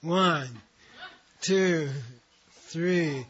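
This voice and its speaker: A man's voice: fairly high pitch, lively intonation, a little slow, fairly bright tone, dull audio. A man teaching a language class, reading out syllables, counting the students in and adding chatty asides.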